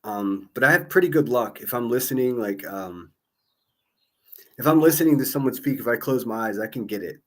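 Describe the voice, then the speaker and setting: A man's voice: medium pitch, lively intonation, brisk. A man hosting a call-in livestream, chatting casually, laughing often and stumbling over repeated words.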